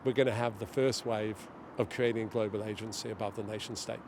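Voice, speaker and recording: A middle-aged man being interviewed outdoors, talking in an animated way and acting out what others say. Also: lowish voice, fast talker, background noise. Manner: animated, storytelling, acts out quotes. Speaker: guest, director of a global governance group. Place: outdoors near a street demonstration.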